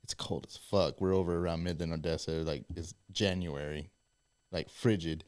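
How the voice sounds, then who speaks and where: A low-voiced man hosting a podcast in casual, blunt talk full of curses. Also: fairly even intonation, normal speed, darkish tone, no echo, studio quality. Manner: blunt, profane. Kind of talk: casual chat. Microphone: studio microphone.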